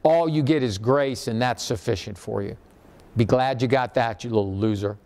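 A man's voice: medium pitch, normal speed, darkish tone, voice pushed down, natural voice. A man voicing a scornful, dismissive version of God as a mocking parody. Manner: sneering, curt.

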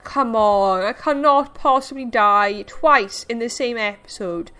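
A woman's voice: on the high side, a little slow, pushed and bright, smooth. A young woman casually commenting on her own gameplay, easily frightened and poking fun at herself. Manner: jumpy, squealing when scared, self-mocking. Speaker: gaming streamer. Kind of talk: casual let's-play commentary.

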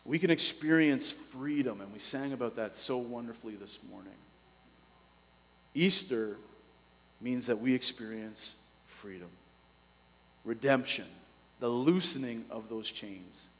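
A male pastor preaching a sermon, dropping to a hush and then rising with urgency. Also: medium pitch, measured pace, long pauses, long reverb tail, low-quality recording. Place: church.

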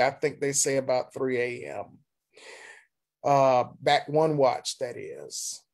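Reading scripture aloud in a Sunday school lesson, a male pastor explains the text deliberately and haltingly, often pausing and starting over. His pitch is medium and his tone a little mellow.

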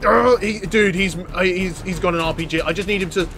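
A young man giving casual, jokey commentary while playing a shooter game, excitable and often stammering over his words. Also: high voice, brisk, faint music behind. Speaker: gaming YouTuber.

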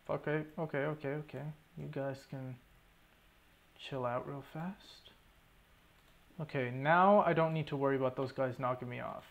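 A man's voice: on the high side, gravelly. A young man giving running commentary over his own gameplay, swearing often and talking to himself in exasperation. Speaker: gaming YouTuber.

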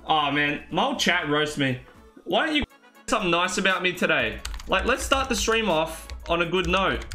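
Aussie guy streaming games, chatty and excitable, super lively bouncy voice, faint music and typing in the back. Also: fairly high pitch. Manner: excitable, laughs often, reads chat aloud. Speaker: game streamer. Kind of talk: casual live-stream chat.

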